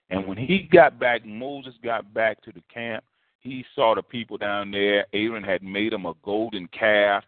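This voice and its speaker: A man preaching a sermon, in a lively conversational style that repeats and restarts phrases. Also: mid-range voice, no room sound. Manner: animated, repetitive, conversational preaching. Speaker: pastor. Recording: tinny phone-like sound.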